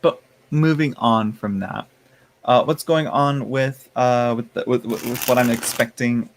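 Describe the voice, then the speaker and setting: A man's voice: mid-range voice, fairly even intonation, measured pace, slight background noise. A tired man chatting casually on a live stream, rambling with many fillers and restarts, playfully sassy toward his chat, yawning now and then. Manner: playful sass, addresses chat as y'all and honey. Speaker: tarot streamer.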